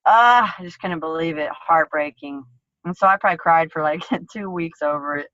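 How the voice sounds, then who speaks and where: A woman's voice: low voice, fairly even intonation, brisk, fairly bright tone, a little hiss or hum. A woman MMA fighter guest telling a story in a blunt, profane, vivid way in a casual interview. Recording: dull lo-fi sound.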